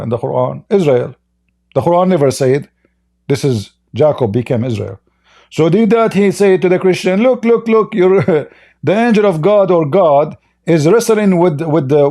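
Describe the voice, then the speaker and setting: A man's voice: sits high, mellow. Mocking, combative man hosting a debate. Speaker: debate host. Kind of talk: live online debate.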